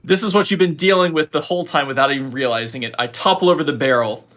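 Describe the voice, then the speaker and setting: A man playing a tabletop game, delivering sly, deadpan in-character remarks. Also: on the high side, fast talker. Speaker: player. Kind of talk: tabletop game role-play.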